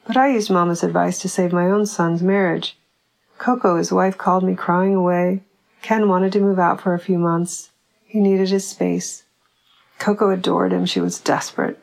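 A woman reading a literary short story aloud in a dry, measured storytelling way. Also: mid-range voice, vocal fry, a little mellow, low-quality recording. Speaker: audiobook reader.

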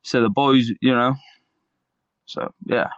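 A man's voice: medium pitch, fairly even intonation, slow, clean tone, no echo, muffled recording. A man, a fighter, talking in an interview with fired-up, emphatic passion and constant swearing. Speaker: MMA fighter, guest.

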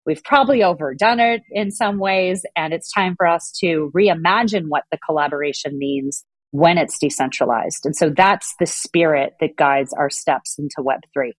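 Guest exec, woman, middle-aged, fluent and articulate, low pitch. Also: moderate pace, few pauses, dry recording. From Southern California. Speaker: guest executive. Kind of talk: podcast interview answers.

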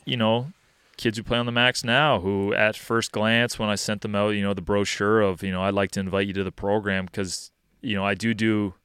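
Low, smooth-voiced young man chatting casually. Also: normal speed, no echo, studio quality. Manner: relaxed and rambling, many fillers like "you know" and "um". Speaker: hockey skills coach and podcast guest. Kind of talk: casual interview chat.

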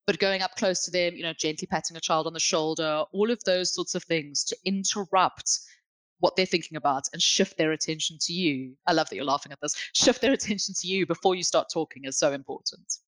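A woman, a guest expert, explaining calmly and clearly on a podcast. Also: low-pitched, fairly quick, no room sound.

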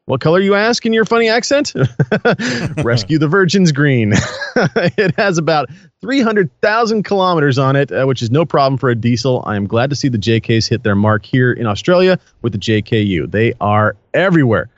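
A man's voice: mid-range voice, moderate pace, no room sound, muffled recording. A man co-hosting a casual podcast, reading listener reviews aloud with frequent laughs. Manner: lively, laughs while reading. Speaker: podcast co-host.

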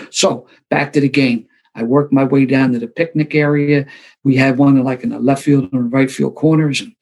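A man's voice: mid-range voice, breathy edge. An older man, telling his recovery story at a sober meeting with self-deprecating humor. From Philadelphia.

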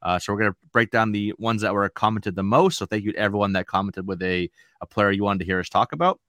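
Man, New England accent, podcast host, bright tone, dry close sound. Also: on the low side, fast, dry recording. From Maine. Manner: chatty, relaxed, rambling with fillers. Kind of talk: casual podcast chat.

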